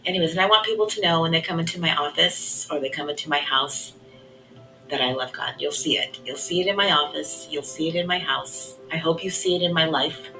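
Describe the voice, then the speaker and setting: A middle-aged woman sharing her faith testimony in an earnest, reflective way, often trailing off softly. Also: sits low, a little fast, music in the background, low-quality recording.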